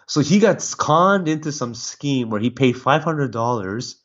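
Man, podcast guest, animated storyteller, dull lo-fi recording. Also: medium pitch, unhurried. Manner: animated storytelling with many restarts. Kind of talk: casual chat. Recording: dull lo-fi audio.

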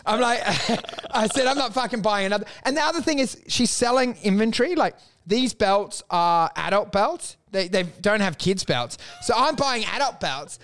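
High-voiced man, animated storyteller. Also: normal speed. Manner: swears freely, animated storytelling with put-on quoted voices. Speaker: podcast co-host. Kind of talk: casual banter.

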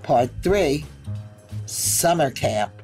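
A woman's voice: sits low, drawn-out words, soft background music. A woman in her eighties, a grandmother co-hosting a casual chat, telling stories and acting out the voices of the people in them. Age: 80s. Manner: animated storyteller who acts out quoted voices and laughs often. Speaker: grandmother and co-host.

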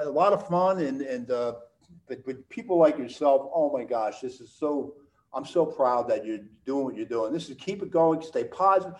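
A man's voice: a little high, darkish tone, poor audio. A man in his sixties, a podcast guest talking in a casual, enthusiastic and rambling way, often repeating words for emphasis. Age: 60s. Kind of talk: casual interview chat.

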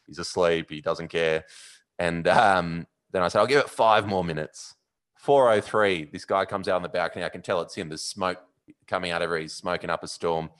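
An Australian man with a very low voice tells a long story in casual chat. He rambles, fills gaps with ums, and gets animated as the story builds. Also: normal speed. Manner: animated, rambling, with fillers and loud yelled bits. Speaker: podcast host.

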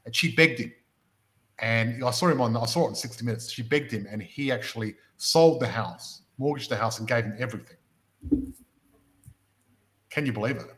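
A man's voice: mid-range voice, moderate pace, long pauses, a bit bright. An Australian man hosting a property-investment podcast, chatting casually and making his points through stories and rhetorical questions.

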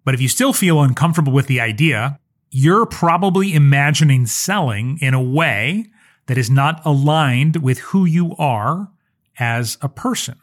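A man with a fairly high voice talks through a solo podcast episode as a social media coach. His delivery is earnest and conversational, and he drops in personal asides as he teaches.

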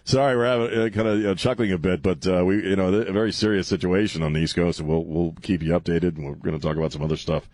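A man's voice: deep voice, fairly even intonation, fast talker, hardly any pauses, darkish tone. A man hosting a talk radio show, chatting casually with many fillers and restarts. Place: radio studio. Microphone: studio microphone.

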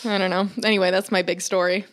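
A young woman co-hosting a podcast tells a story in loose, casual chat. She acts out what everyone said in dramatic little asides and swears without a second thought. Her pitch sits in an ordinary middle range for a woman. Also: level tone, quick pace, a bit bright. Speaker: podcast co-host.

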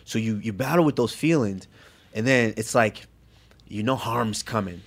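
A male fighter talking casually on a podcast, halting and repeating words, sometimes dropping almost to a whisper. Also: fairly low pitch. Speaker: fighter guest.

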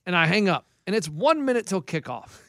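A man's voice: high voice, fairly quick, dry recording, clean studio sound. A man on a casual chat show, telling a long anecdote and acting out the other people's lines as he goes. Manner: animated storyteller, acts out other people's lines.

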